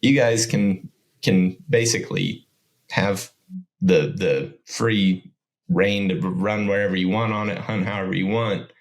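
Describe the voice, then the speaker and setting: Guest spot: deep-voiced man, laid-back rambling talker, filler-heavy. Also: measured pace. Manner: rambling, relaxed, many fillers like "you know" and "kind of". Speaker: podcast guest. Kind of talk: casual chat.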